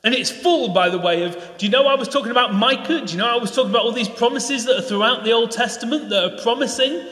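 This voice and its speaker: A Northern English man delivers an enthusiastic sermon, his pitch sitting high for a man. His voice rings through a church hall with a long, roomy reverb. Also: fast, few pauses, fairly bright tone. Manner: passionate, enthusiastic preaching with rising pleading questions. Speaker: preacher.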